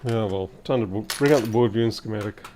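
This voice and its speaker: Man, low voice, slightly hoarse, muttering to himself, casual livestream talk, faint hum behind. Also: quick pace, darkish tone. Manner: muttering, thinking aloud. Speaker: repair technician livestreaming. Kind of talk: casual live-stream commentary while working.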